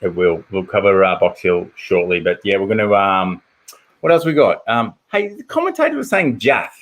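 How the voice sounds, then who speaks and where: A man's voice: sits low, big pitch swings, normal speed, fairly bright tone. An Australian man hosting a casual football podcast, chatty and full of fillers and stats. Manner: chatty, stat-heavy, lots of fillers. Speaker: podcast host. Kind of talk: casual footy chat.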